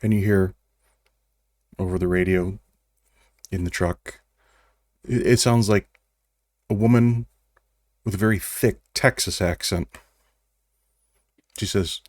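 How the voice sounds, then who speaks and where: A man narrating as game master of a tabletop role-playing game, wry and relaxed, with small restarts. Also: sits low, takes it slowly, long pauses, no room sound, clean studio sound.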